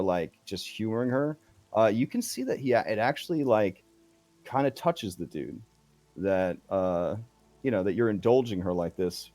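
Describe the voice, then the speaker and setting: A man narrating as game master of a tabletop game, slow and hesitant with many fillers. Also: lowish voice, a little mellow, no room sound.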